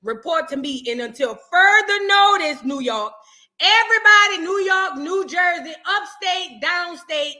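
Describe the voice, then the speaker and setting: A woman hosting a live reaction stream, joking and animated in heavy slang. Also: very high-pitched, a little slow. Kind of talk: casual live-stream commentary.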